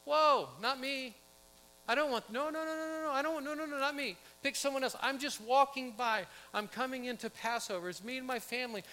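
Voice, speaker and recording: A man voicing a reluctant passerby who stammers out panicked protests in a higher voice. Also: a little fast, pushed and bright, poor audio. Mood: panicked pleading.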